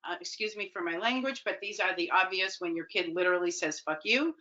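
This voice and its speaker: A woman giving an informal talk to parents, lively, acting out lines and often checking in with "okay?". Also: fairly low pitch, quick pace. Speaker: parenting educator. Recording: dull lo-fi audio.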